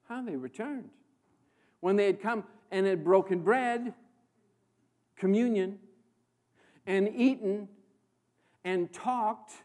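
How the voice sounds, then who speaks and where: A man from the American Midwest preaches a sermon in a church with a fairly high voice. He talks slowly and deliberately, rising into loud proclamations and then dropping to near hushes for emphasis. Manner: impassioned, dramatic swings between loud proclamation and hushed emphasis. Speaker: guest preacher.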